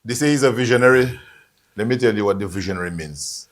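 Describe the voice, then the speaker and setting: A man's voice: on the low side, fast. A man co-hosting a casual talk show, teasing and emphatic. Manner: teasing, emphatic, laughs a lot. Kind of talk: casual political chat.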